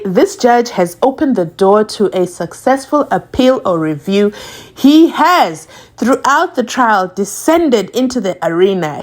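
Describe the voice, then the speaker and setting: Female host, fast emphatic casual commentary. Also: medium pitch. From South Africa. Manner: animated, emphatic, talks fast.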